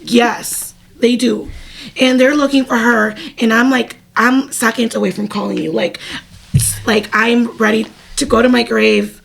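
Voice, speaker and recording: A woman's voice: a little high, steady tone, measured pace, creaky, fairly bright tone. A young woman co-hosting a podcast, telling a story in casual chat with lots of laughing and fillers. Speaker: podcast co-host.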